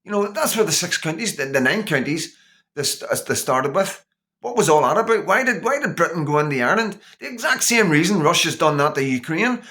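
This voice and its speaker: A man's voice: a little high, very animated, a little fast, sharp tone. A man vlogging an indignant, sarcastic political rant, repeating himself for emphasis. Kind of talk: ranting political monologue.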